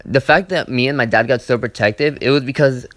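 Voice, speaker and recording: A man's voice: medium pitch, a little fast, fairly bright tone, dry recording. Young man rambling, cursing, dry sound. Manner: rambling, profane, heavy use of "like" and "you know". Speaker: gaming channel host. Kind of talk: casual storytime over gameplay.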